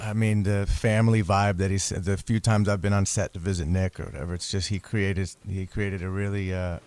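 A man's voice: sits low, level tone, a little fast, darkish tone. A man talking as a guest in a casual interview, explaining things in an easygoing way.

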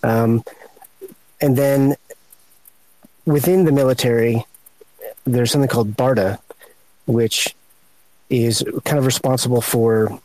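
Man, mid pitch, dry close sound, slow panel guest pausing to find words. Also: fairly even intonation, darkish tone, no echo, poor audio. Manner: slow, searching for words, many pauses. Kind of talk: unscripted panel talk.

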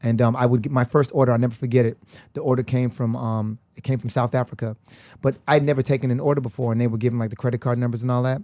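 A man from the United States, a guest in a casual interview, telling lively stories and acting out the voices of the people in them. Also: mid-range voice, quick pace, no echo. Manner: animated storyteller who acts out voices.

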